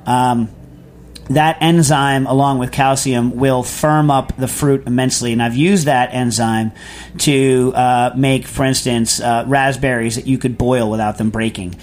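A man's voice: mid-range voice, fairly even intonation, unhurried, darkish tone. A man hosting a food radio show, answering a listener's question in a rambling, chatty way full of fillers and restarts. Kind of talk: casual call-in answering.

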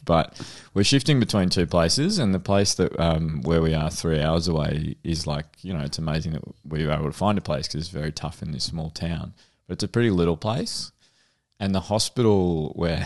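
A man's voice: rumbling low, creaky. A man co-hosting a podcast, telling a story in a casual chat and laughing often. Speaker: podcast co-host.

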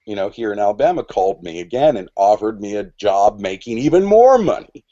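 A man's voice: fairly low pitch, big pitch swings, a little fast, warm tone. A man, a podcast guest, telling a long personal story in a casual, rambling way, with many restarts and asides. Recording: dull lo-fi recording.

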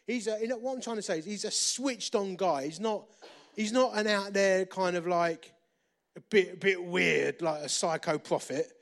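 Middle-aged male preacher, slightly high voice, storytelling sermon with loud and hushed turns. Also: normal speed. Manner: lively, repeats phrases for emphasis, shifts between loud and hushed.

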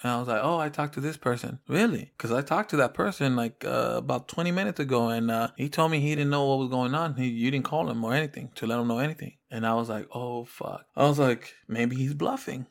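A man's voice: medium pitch, quick pace, vocal fry, few pauses. A young man co-hosting a casual podcast, swearing freely as he acts out both sides of a story. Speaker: podcast co-host.

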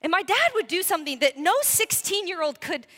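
A woman pastor giving a sermon, telling animated, self-deprecating stories to her congregation. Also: very high voice, a little fast, long reverb tail. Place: church sanctuary.

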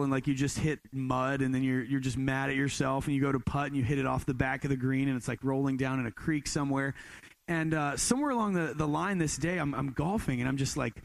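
A man's voice: medium pitch, gravelly, no echo. A man in his twenties preaching a sermon, telling a casual self-deprecating story with many restarts. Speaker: pastor.

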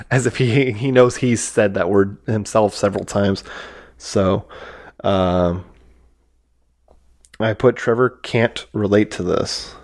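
A man co-hosting a film review podcast, chatting casually and retelling scenes with quick acted-out quotes. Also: fairly low pitch, fairly even intonation. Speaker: podcast co-host. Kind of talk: casual movie review chat.

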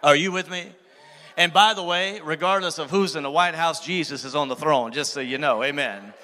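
A preacher with a high, bright voice delivers a sermon. His words ring through a large room with a long reverb tail, and he keeps calling on the congregation to answer back. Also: moderate pace. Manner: preaching with call-and-response to the congregation. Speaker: pastor. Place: church sanctuary.

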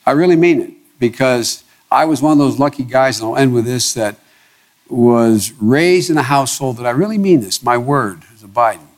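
An earnest man recalls his upbringing in an interview. He speaks emphatically and halts often, with frequent restarts. His voice sits at an ordinary pitch for a man. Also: expressive, normal speed. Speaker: interview guest, politician. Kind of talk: reflective personal storytelling.

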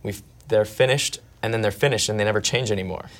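Actor guy being interviewed, low-ish voice, thinks out loud, lively, restarts a lot. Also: quick pace. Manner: animated, thoughtful, trails off and restarts. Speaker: actor guest. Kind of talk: conversational interview.

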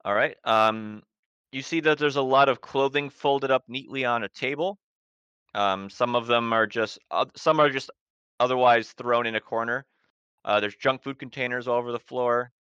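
A man narrates a tabletop horror game as its game master, pausing often on "um" and restarting his sentences. His voice is bright and smooth, and it sounds dry and a little dull, as if through a modest mic. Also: mid-range voice, dry recording. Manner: hesitant, many ums and restarts.

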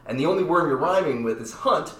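A man's voice: a little high, lively intonation, a bit bright, far from the mic. A man hosting a casual podcast and running a quiz game, playful and jokey. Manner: playful, jokey, quick asides. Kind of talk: casual chat. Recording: echoey room, off-mic.

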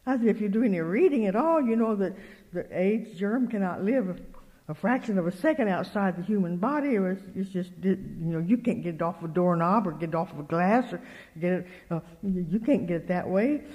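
A woman's voice: medium pitch, lively intonation, a little fast, darkish tone, lo-fi sound. Older woman preaching in an echoing hall. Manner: acts out both sides of conversations, earnest and emphatic. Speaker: speaker at a religious meeting. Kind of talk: folksy sermon storytelling. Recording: long reverb of a hall.

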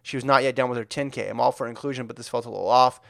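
A man of middle pitch co-hosts a casual running podcast. He reads listener emails aloud and drops in dry, deadpan jokes along the way. The sound is close and dry. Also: very fast, vocal fry, no room sound. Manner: dry, joking asides while reading. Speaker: podcast co-host.

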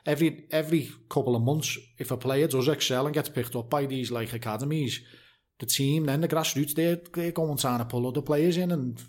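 A man's voice: mid-range voice, brisk. Chatty man in an easygoing talk. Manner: chatty, agreeable, asks rhetorical tags. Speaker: interviewer. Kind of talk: casual conversation.

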